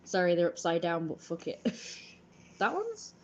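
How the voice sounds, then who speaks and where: A woman on a casual livestream, her voice sitting a bit low. She jokes her way through a playful royal persona, rambles and swears freely as she answers chat out loud. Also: huge pitch swings, unhurried, muffled recording, slight background noise.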